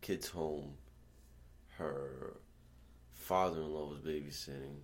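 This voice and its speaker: Deep-voiced profane man telling stories. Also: slow pace. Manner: profane, rambling, animated when quoting. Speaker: storyteller. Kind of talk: casual storytelling among friends.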